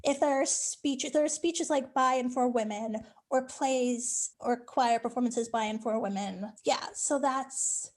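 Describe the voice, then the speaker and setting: A woman chatting on a video call, telling stories in an animated way and laughing often. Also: on the high side, unhurried, few pauses. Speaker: speech language pathologist. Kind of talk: casual chat on a video call.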